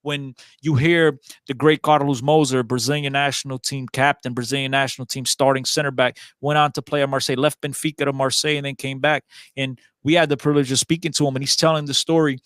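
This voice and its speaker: A man excitedly telling stories as a guest on a casual podcast, rambling with frequent restarts. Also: medium pitch, fast talker, no room sound, studio quality. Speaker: podcast guest, club fan.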